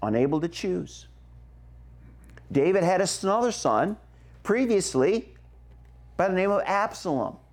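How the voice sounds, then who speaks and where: Slow, gravelly-voiced male preacher. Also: sits high, animated. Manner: slow, emphatic preaching with call-and-response. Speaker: pastor. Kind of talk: sermon.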